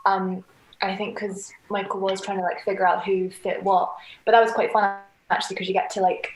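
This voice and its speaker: A woman with a Scottish accent, an actress rambling softly with many "like"s on a video call. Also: medium pitch, level tone, a little fast, slight background noise. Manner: rambling, lots of "like", soft-spoken. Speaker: actress, interview guest. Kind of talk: casual video-call interview. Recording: echoey room on a video call.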